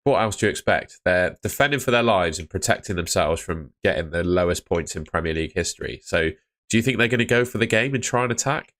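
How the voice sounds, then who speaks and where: A young man with a low-pitched voice talks through a live stream. His tone is relaxed and chatty as he answers viewer comments one after another. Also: fast. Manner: chatty, reads out chat comments. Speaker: fantasy football streamer. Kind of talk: casual live stream chat.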